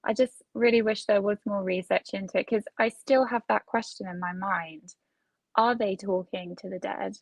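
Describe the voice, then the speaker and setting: Gravelly-voiced woman asking questions. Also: mid-range voice, fairly even intonation, normal speed, no echo, poor audio. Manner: inquisitive, asks many questions. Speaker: guest. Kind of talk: casual chat.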